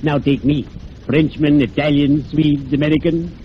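An actor playing a morbid undertaker friend who speaks slowly and makes grave puns, in 1940s radio comedy style. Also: male voice, a little high, steady tone, lightly acted. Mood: sepulchral. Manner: slow, sepulchral and punning. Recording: muffled old radio broadcast with faint hiss.

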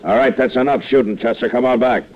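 A man playing a steady frontier marshal who speaks in a measured, firm way, in an old radio drama. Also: mid-range voice, natural voice. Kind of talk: 1950s radio drama acting. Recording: muffled old radio broadcast, noisy.

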